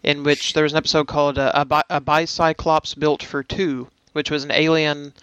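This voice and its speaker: A man's voice: on the high side, flat delivery, normal speed, fairly bright tone, clear, resonant tone, dry recording. A man co-hosting a casual podcast discussion, talking with frequent hesitations and fillers. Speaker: podcast co-host.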